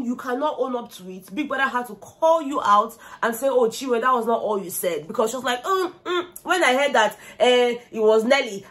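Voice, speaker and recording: A young woman with a Nigerian accent, giving animated, gossipy commentary on a reality show and slipping into Pidgin slang. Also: a little high. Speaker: vlogger.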